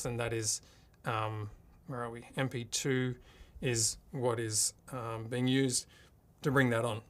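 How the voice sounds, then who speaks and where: A man's voice: medium pitch, a bit bright. A man from Australia hosting a live tech tutorial from his home streaming studio, talking casually and thinking aloud as he works his gear. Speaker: livestream host.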